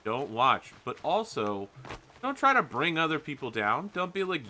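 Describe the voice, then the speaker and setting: A man's voice: on the high side, sing-song, normal speed, bright, forceful tone, slight background noise. A man giving exasperated, blunt let's-play commentary while playing a game. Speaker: gaming channel host.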